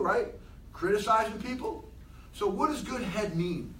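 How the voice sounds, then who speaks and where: A man giving an animated motivational talk to a room of people, asking them many questions. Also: high-pitched, roomy sound, far from the mic, slight background noise, poor audio. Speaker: motivational speaker.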